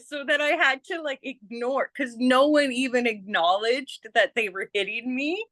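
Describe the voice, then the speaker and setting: A woman's voice: high-pitched, normal speed, fairly bright tone, no echo. A Canadian woman from Canada, a guest in a casual chat, who is chatty, laughs often and mimics other people's voices.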